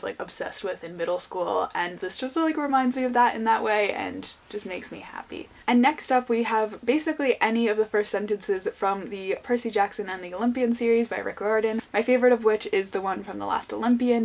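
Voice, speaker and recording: A woman's voice: mid-range voice, brisk, creaky, hardly any pauses. A young adult woman chatting casually to camera as a book vlogger, enthusiastic and full of "like" and "I don't know".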